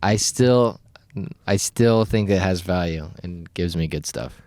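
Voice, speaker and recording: A man's voice: sits low, a little slow, darkish tone, dry recording, clean studio sound. A laid-back man co-hosting a podcast, chatting casually with short replies and frequent laughs. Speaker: podcast co-host. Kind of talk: casual chat.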